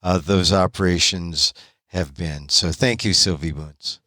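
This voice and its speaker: A man with an American accent hosting a podcast interview, talking in a gentle, reassuring way with frequent restarts. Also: low voice, a little slow, no room sound, studio quality. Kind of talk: casual interview.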